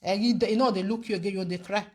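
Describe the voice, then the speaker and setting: A young adult woman with a Nigerian accent, giving animated, preachy advice to her viewers and often stopping to ask "eh?". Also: medium pitch, fast. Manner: animated and preachy, with frequent rhetorical "eh?". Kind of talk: casual commentary to viewers.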